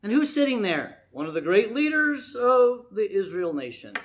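Guy preaching, fairly high voice, chatty and animated, tells stories. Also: moderate pace, a little hiss or hum. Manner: conversational, animated storytelling with quoted voices. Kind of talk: sermon.

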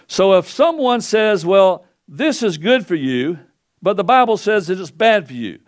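An older pastor preaching a folksy sermon into a pulpit microphone, swinging between loud and soft. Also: male voice, big pitch swings, a little slow. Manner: folksy preaching with wide swings in pitch and loudness.

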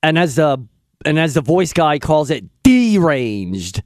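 A man hosting a radio show, talking in an excitable, self-deprecating way. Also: on the high side, normal speed, dry recording, clean studio sound. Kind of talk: casual radio chat.

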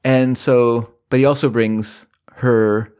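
A man's voice: medium pitch, steady tone, slow pace, darkish tone, smooth. A middle-aged man co-hosting a film podcast, recapping the plot in a rambling, casual way with many restarts. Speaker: podcast co-host.

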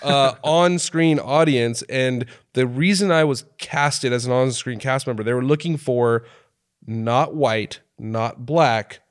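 A man in his thirties from Oregon tells a podcast story in a relaxed, chatty way. His voice sits at a middling pitch. He keeps slipping into quick impressions of the people in the story. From Oregon, USA. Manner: animated storyteller who acts out quotes in shifting voices. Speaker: podcast co-host telling a story. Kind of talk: casual chat.

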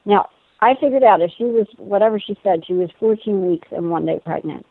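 A woman in her thirties tells a personal story in lively conversation, laughing and acting out what others said. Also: medium pitch, fairly quick, vocal fry, dry recording. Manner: animated, laughing, acts out quoted voices. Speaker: guest telling a personal story. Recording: tinny phone-like sound.

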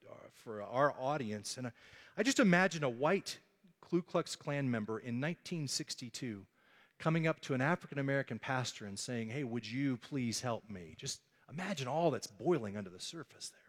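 A man's voice: mid-range voice, animated, brisk, long reverb tail. A male pastor preaching a sermon, telling the story with animation and acting out the voices of the people in it.

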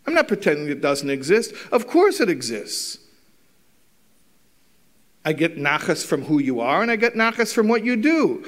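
A middle-aged man speaks to a live audience in a fairly high voice. He tells stories animatedly and acts out each side of the dialogue, with a wry, teasing humour running through it. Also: very animated, moderate pace. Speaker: rabbi giving a talk.

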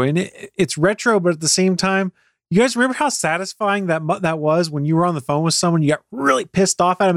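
A man with a somewhat high voice talks gadgets on a podcast and gives his opinion in an animated, chatty way. His voice is close and dry, with no room sound. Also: no echo. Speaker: tech podcast co-host. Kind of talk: casual podcast chat.

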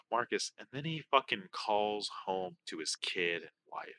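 A young man co-hosting a podcast, chatting casually and openly, animated and emotional. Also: fairly low pitch, measured pace, slight background noise. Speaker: podcast co-host.

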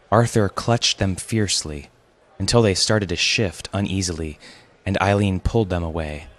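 Casting: very deep-voiced male narrator, slow steady delivery, faint music under. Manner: measured, unhurried reading with voiced characters. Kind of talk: scripted story narration.

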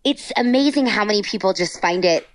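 Brisk and expressive, this mid-range female voice belongs to a Texan voice actor guesting on an interview. There's no echo, and she gushes bubbily, saying "like" over and over.

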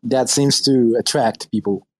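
A man's voice: mid-range voice, measured pace, a little hiss or hum. A man co-hosting a casual online audio chat, joking and swearing loosely, calling in from his dining room at home. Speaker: co-host of crypto audio space. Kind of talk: casual banter.

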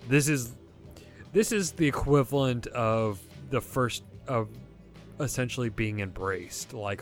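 Relaxed male game master. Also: mid-range voice, faint music behind. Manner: relaxed, halting with fillers. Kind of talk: narrating a tabletop game.

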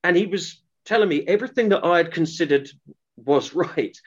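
A man's voice: high-pitched, brisk, muffled recording. A man being interviewed as an author, telling a long story earnestly, with restarts and fillers. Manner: earnest, rambling with restarts and acted quotes. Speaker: author guest.

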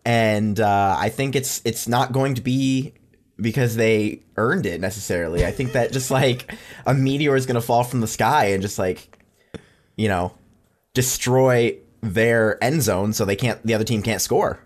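Deadpan joking man, casual chat. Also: medium pitch, measured pace. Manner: deadpan joking, stammering restarts.

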